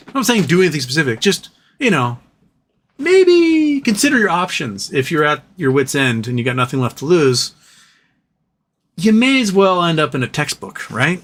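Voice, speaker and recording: A livestream host chats casually and reads viewer messages aloud, ranting in a sarcastic, profane way. His voice runs on the high side, sing-song and fairly bright, and he talks briskly.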